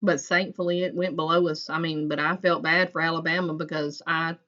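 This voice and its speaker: A folksy woman chatting live with her viewers, her voice low-pitched yet bright and forceful. The recording is dull and lo-fi, as from a home stream. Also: level tone, fairly quick. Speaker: livestream host. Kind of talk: casual chat with live viewers.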